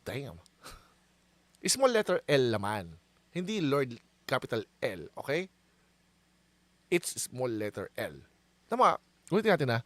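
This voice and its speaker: Filipino-accented male commentator, animated and expressive, dry close sound. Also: medium pitch, unhurried, pauses often, no echo. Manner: animated, laughs often, reads verses aloud. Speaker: online commentator. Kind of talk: casual commentary mixing Tagalog and English.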